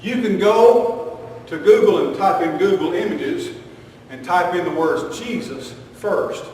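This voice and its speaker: A man's voice: high-pitched, lively intonation, a little slow, a little mellow, slight background noise. A man preaching a folksy, joking sermon full of homespun sayings. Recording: echoey hall, distant mic.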